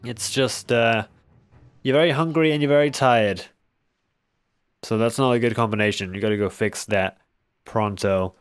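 A man's voice: mid-range voice, moderate pace, pauses often, clear, resonant tone, dry recording. Chatty man narrating gameplay. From West Country, England. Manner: chatty, teasing, talks to game characters. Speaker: gaming video host. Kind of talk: casual gameplay commentary.

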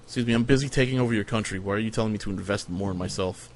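A man streaming a strategy game, giving casual, profane, sardonic commentary as he thinks out loud. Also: on the low side, rapid-fire, slight background noise.

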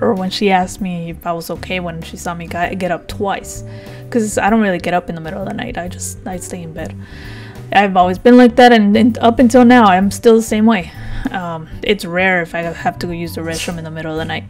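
A woman's voice: medium pitch, darkish tone. A woman vlogger casually telling a rambling, self-mocking story, laughing as she goes.

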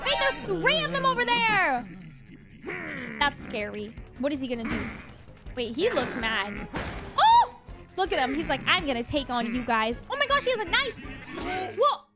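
A woman's voice: very high voice, huge pitch swings, normal speed, long pauses. A young woman hosting a reaction video, exclaiming, gasping and laughing as she comments. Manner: exclaims, gasps and laughs often. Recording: loud music behind.

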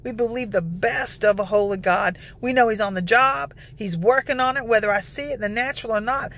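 Gravelly woman preaching with exclamations. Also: on the high side, a bit bright, a little hiss or hum. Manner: exclamatory, scripture-citing, laughing asides. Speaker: prophetic ministry host. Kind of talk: devotional teaching and prayer.

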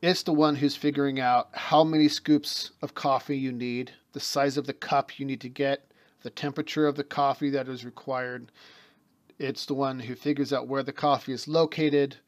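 A man's voice: medium pitch, level tone, moderate pace. A man giving a spoken lecture as teacher of a mystery school, explaining ideas through everyday examples and talking in fits and starts.

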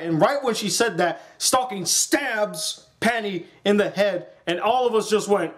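A young man giving a casual, animated spoken review, excitable and loose with swearing. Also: high voice, unhurried, hardly any pauses. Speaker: anime reviewer.

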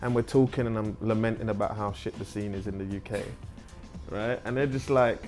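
A man's voice: on the low side, steady tone, fairly quick, a little mellow, faint music behind. A man speaking as an interview guest, telling candid stories in a frank, profane way and often tagging remarks with "right?". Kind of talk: candid conversational storytelling.

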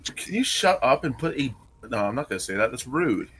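A man bickering excitably with friends while playing a game. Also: mid-range voice, fairly quick, heavy background noise. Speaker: gaming friend. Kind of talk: casual gaming banter.

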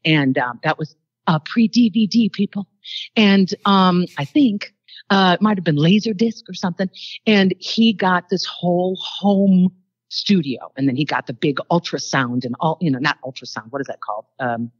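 An older actress chatting as an interview guest, telling rambling anecdotes full of fillers. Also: female voice, on the low side, normal speed, breathy edge, dry recording, lo-fi sound. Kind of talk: casual interview storytelling.

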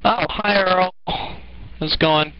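A man's voice: high voice, slow, dry recording. A man hosting improvised, goofy game commentary, rambling along and breaking into shrieky outbursts with mild swearing. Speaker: host and player. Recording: muffled lo-fi mic with faint hiss.

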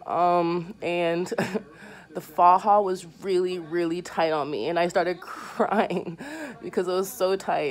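A young woman talking candidly into a handheld phone for her vlog, rambling and swearing freely. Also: lowish voice. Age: young adult. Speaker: vlogger. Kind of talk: casual handheld vlog to camera. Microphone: handheld phone camera.

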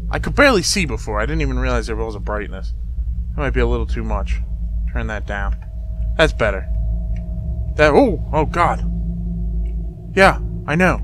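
A gameplay streamer gives joking let's-play commentary on a horror game, talking back to it with jumpy exclamations. He has a medium-pitched voice, and there's background noise.

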